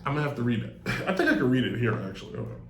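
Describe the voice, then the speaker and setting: Racing along with wildly swooping pitch from a medium base, a man delivers a rambling, joking monologue on his live sports talk show. A little hiss or hum is audible, and the desk mic on a stand picks up an echoey room.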